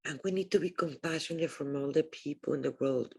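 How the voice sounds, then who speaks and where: A woman's voice: sits low, a little fast, creaky, warm tone, husky. A woman hosting a podcast, speaking in an earnest, reflective tone during a casual conversation. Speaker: podcast host.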